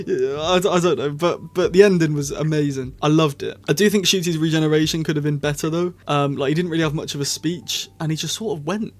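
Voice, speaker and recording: A man giving a casual spoken review, rambling and excitable, often correcting himself mid-sentence. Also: fairly high pitch, quick pace, hardly any pauses. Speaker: video reviewer.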